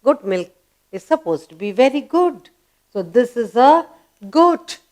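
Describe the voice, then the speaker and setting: A woman's slightly high, somewhat mellow voice rises and falls widely as she teaches little children grammar at an unhurried pace. Emphatic and coaxing, she asks questions, answers them, and spells words out letter by letter.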